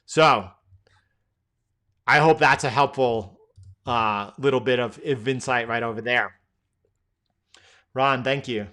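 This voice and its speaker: Guy hosting a live trading q&a, bright clear voice, rambles and repeats himself a lot. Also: mid-range voice, takes it slowly, pauses often. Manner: loose and rambling, many fillers and repeated words. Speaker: trading stream host answering viewer questions. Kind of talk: casual live-stream Q&A.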